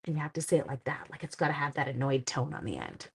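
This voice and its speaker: A Canadian woman with a slightly low voice talks viewers through a card-making live stream. She chats casually, greets people by name and thinks aloud as she works. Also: fast talker, breathy edge. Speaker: card-making livestream host. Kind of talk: casual live-stream chat while crafting.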